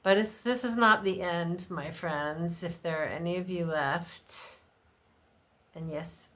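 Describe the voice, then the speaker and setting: Low-voiced woman chatting candidly, unfiltered. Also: a little slow, fairly bright tone. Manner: candid, rambling, with frequent fillers and swearing; acts out other people's lines in a much higher voice. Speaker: vlogger. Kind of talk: unscripted personal vlog chat.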